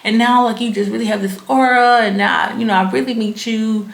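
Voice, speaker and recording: A woman's voice: fairly high pitch, steady tone, a little fast, gravelly, echoey room. A woman doing a gushing flamboyant young guy. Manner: effusive, showers compliments.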